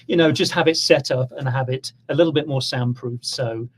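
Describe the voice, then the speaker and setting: Male guest musician, mid-range voice, relaxed plain replies. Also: medium pitch, brisk. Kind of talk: casual interview.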